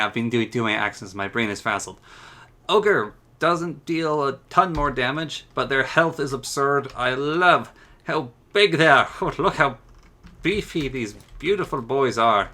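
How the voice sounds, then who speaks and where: Bright, chatty gaming man. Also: mid-range voice. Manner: chatty, enthusiastic. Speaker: mod showcase host. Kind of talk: casual gameplay commentary.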